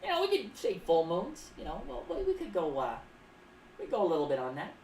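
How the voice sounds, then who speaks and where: A woman's voice: on the low side, wildly swooping pitch, a little fast, darkish tone, distant mic. Woman, clown streamer, casual livestream chat, third-person self talk, roomy echo, faint background noise. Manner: speaks of herself in the third person, reads chat aloud; rambling, playful asides.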